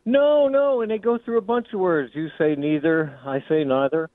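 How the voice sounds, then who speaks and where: A man's voice: sits high, very animated, normal speed, no room sound. Meandering male caller on phone. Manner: chatty, meandering, hesitant. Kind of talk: casual chat on call-in radio. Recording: tinny phone line.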